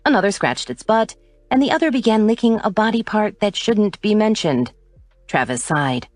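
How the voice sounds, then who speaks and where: A woman reads an audiobook in a low, even voice. The recording is dry and close, with soft music in the background. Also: normal speed, dry recording. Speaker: audiobook narrator. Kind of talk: scripted audiobook narration.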